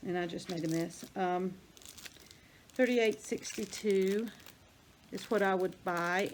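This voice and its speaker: An older woman, chatting casually and thinking out loud as she demonstrates a craft project. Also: medium pitch, a little hiss or hum. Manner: chatty, rambling, thinks aloud while working. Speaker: crafting vlogger.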